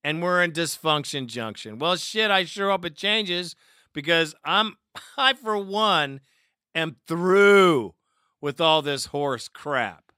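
A man's voice: a little high, expressive, slow, pushed and bright, clean tone, no room sound, clean studio sound. Heated, profane man ranting on a talk show. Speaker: sports talk show host. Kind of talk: angry fan talk show rant.

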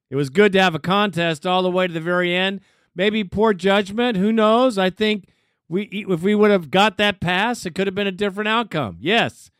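A man's voice: high voice, a bit bright, clear, resonant tone, dry recording, clean studio sound. Easygoing male fan radio host. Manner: easygoing, brotherly, folksy sayings. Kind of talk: casual radio talk.

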